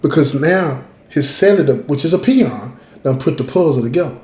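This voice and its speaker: A man's voice: on the high side, lively intonation, moderate pace, a little mellow, roomy sound. A man hosting his own show, telling a story in a casual, emphatic way, repeating points and talking straight to his listeners. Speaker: host, storyteller.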